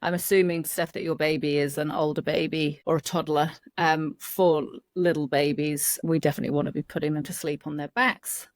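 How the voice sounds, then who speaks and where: A woman co-hosting a parenting podcast, explaining things in a calm, measured, step-by-step way. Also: low voice, no echo, studio quality. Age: adult parent. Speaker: podcast co-host and infant sleep practitioner.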